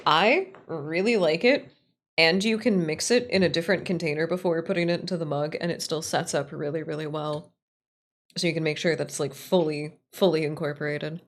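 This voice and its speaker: Chill woman streamer, kinda low voice, swears, jokes about herself. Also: steady tone, a little fast. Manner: loose, swearing, self-mocking. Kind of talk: casual game stream chat.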